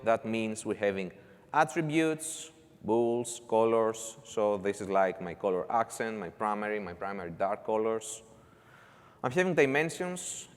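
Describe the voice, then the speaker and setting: Man giving a tech talk in a reverberant hall. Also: mid-range voice. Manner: walks through folders step by step, casual asides. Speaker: conference speaker. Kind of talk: technical talk with live demo. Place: conference hall.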